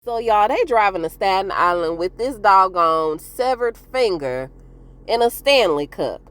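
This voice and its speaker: Animated woman chatting through a TV recap. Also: mid-range voice, unhurried. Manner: chatty and expressive, laughs often, addresses viewers as y'all. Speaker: TV recap host. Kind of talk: casual TV recap monologue.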